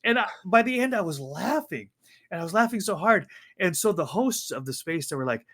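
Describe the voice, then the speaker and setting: Male co-host with a raised, lively voice, animated storyteller in casual chat. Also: sits high, brisk. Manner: animated storytelling with faith talk.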